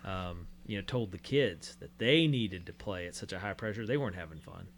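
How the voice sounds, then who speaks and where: A man co-hosting a casual sports talk show, telling blunt, animated stories about youth coaching. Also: low voice, a little fast, slight background noise.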